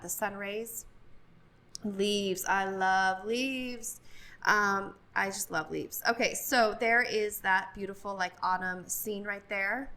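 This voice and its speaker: A woman's voice: medium pitch, a bit bright. A woman vlogging a casual walk through a large store, chatty and gushing, with many fillers, recorded on a handheld phone. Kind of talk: casual store walkthrough vlog. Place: large retail store, indoors.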